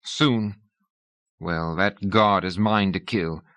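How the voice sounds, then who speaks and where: A man reading an audiobook, voicing a tough, arrogant male navy commander with a crisp Oxford accent and curt manner. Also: low-pitched, slow pace, fairly bright tone, no room sound. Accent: Oxford English.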